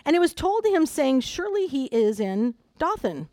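A woman preaching at a conference, reading a Bible story aloud with lively asides and dramatized quotes. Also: high voice, moderate pace, dry recording. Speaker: conference speaker. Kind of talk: sermon with scripture reading.

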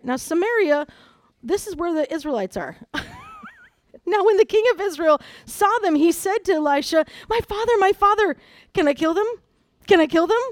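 A woman with a high voice preaches a sermon, reading scripture and breaking in with animated asides. Her voice is close and dry, with no room sound. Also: no echo. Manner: animated, dramatizes the Bible story with voices and asides. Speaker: conference speaker.

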